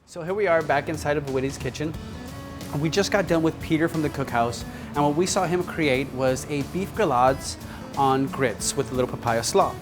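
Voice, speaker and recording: A man's voice: a little high, moderate pace. A man hosting a cooking show, chatting upbeat to the viewer as he cooks. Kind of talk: casual cooking demonstration. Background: sizzling pan and background music.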